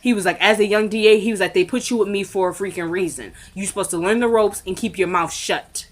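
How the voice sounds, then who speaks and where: A woman's voice: mid-range voice, fast, hardly any pauses. A woman talks through a TV drama episode, retelling each scene by acting out the characters' lines. She keeps it casual and chatty, speaking right to her viewers. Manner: chatty, addresses viewers directly. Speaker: recap vlogger. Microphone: camera mic.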